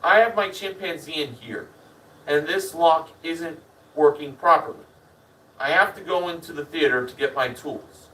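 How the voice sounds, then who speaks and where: A man's voice: fairly high pitch, normal speed, sharp tone, recorded from a distance, rough recording. A man doing an overly polite prankster. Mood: pleading politely. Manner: overly courteous and pleading. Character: polite male TV writer playing a prank.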